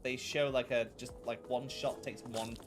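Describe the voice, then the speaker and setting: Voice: medium pitch, fairly even intonation, a little slow. A Welsh gaming host giving playful let's play commentary, swinging from mumbled asides to squealing outbursts. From Wales. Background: game music.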